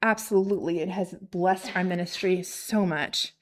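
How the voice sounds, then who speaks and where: Woman telling an animated testimony. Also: lowish voice, moderate pace. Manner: animated, acts out quoted voices, frequent fillers. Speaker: missionary speaking at a ladies' ministry. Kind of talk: casual storytelling testimony.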